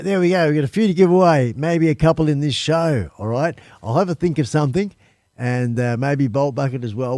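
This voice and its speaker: A man's voice: medium pitch, mellow, dry recording. An Australian man hosting a casual live stream from his temporary studio, chatting to viewers in a rambling, friendly way and calling them folks.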